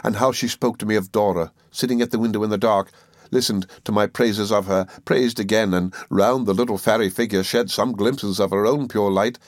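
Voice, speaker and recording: A man narrating a classic novel aloud in a measured, earnest, reflective way. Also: lowish voice, fairly even intonation, dry recording, clean studio sound. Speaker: audiobook narrator. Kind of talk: scripted narration.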